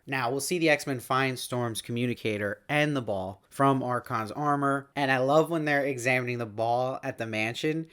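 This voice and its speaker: A man hosting a show, giving an enthusiastic, casual recap of an animated episode and retelling characters' lines in quick paraphrase. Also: medium pitch, clean tone. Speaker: show host reviewing episodes.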